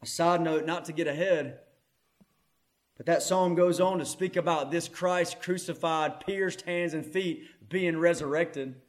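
A man preaching a sermon, moving between hushed scripture reading and loud, impassioned proclamation. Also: on the high side, fairly even intonation, unhurried.

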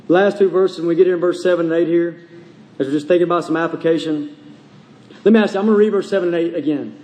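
A man's voice: high-pitched, darkish tone. A man preaching a sermon to his congregation, pressing them with urgent, repeated questions. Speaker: pastor. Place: church sanctuary. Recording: long reverb of a large hall.

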